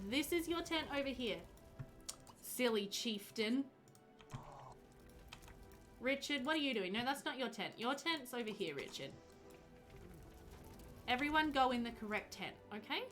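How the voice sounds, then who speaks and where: A woman's voice: sits high, lively intonation, unhurried, long pauses, a bit bright, soft background music. A woman streaming a game live, chatting casually, teasing the game characters and answering viewers.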